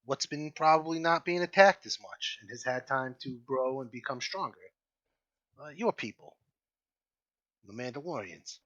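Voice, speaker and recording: A man's voice: mid-range voice, animated, moderate pace, a bit bright, no echo, muffled recording. A man playing a tabletop role-playing game, talking in character and reasoning aloud in a thoughtful way. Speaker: player.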